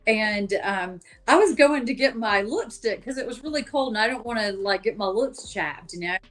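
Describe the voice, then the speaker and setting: A woman guest in a podcast interview tells her story casually, circling back with fillers. Her voice sits in an ordinary middle pitch. A faint wash of music plays underneath. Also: animated, normal speed. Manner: chatty, many fillers, acts out quoted voices. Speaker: paranormal investigator guest.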